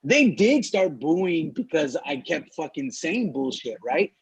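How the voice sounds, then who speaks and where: A comedian from Los Angeles telling a story in casual chat, animated and profane, acting out the people he quotes. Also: fairly high pitch, a little slow, creaky. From Los Angeles, USA. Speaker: comedian podcast co-host. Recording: dull lo-fi dry sound.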